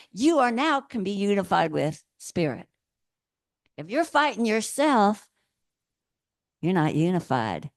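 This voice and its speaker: Slow, gentle woman minister. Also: mid-range voice, no room sound, clean studio sound. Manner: gentle, playful, laughs often. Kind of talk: sermon.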